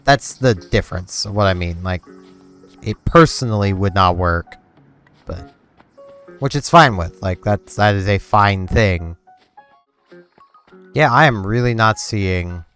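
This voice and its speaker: With a low, smooth voice, a young man hosting a gaming channel rambles casually during play, dropping in lots of "like." Faint game music plays underneath.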